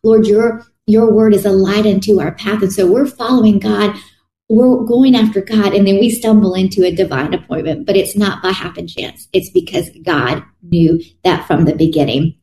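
Lady preaching, earnest and chatty, mellow voice, roomy echo. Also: medium pitch, fairly even intonation, moderate pace. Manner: earnest, conversational preaching with restarts. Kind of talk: sermon. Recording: echoey room.

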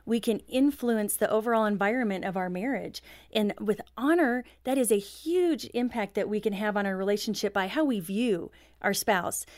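A woman's voice: medium pitch, normal speed, hardly any pauses, darkish tone, no room sound, studio quality. A middle-aged woman, a guest author, talking earnestly about faith and marriage, with frequent "you know" fillers. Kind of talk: earnest faith-based interview talk.

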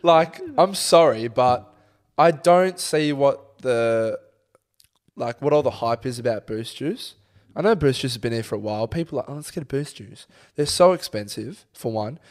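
A young man co-hosting a casual podcast chat, animated, swearing and laughing often. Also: mid-range voice, normal speed. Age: young adult. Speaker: podcast co-host.

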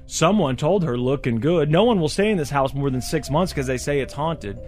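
A man's voice: on the high side, expressive, brisk, faint music behind. A man hosting a podcast, retelling a story in casual chat and acting out the quoted voices. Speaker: podcast host.

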